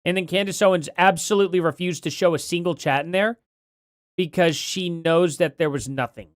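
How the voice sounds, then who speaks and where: With a high voice and a brisk pace, this man hosts a casual livestream, chatting and reading donations aloud. A bitten tongue slightly slurs his words, and he is apologetic about it. The studio sound is clean, with no room sound.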